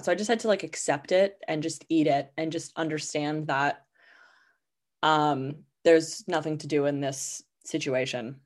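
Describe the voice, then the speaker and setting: Chatty woman podcaster, slightly low. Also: steady tone, moderate pace. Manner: rambling, chatty, heavy use of "like" fillers. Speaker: podcast host. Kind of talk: casual storytelling monologue.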